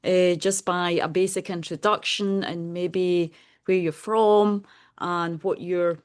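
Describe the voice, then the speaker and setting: Soft-spoken Scottish woman teaching meditation. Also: on the low side, steady tone, slow pace, smooth. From Scotland. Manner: chatty, soft-spoken, many "you know"s, light laughs. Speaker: meditation teacher, Buddhist nun. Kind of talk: casual classroom talk. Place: meditation class room.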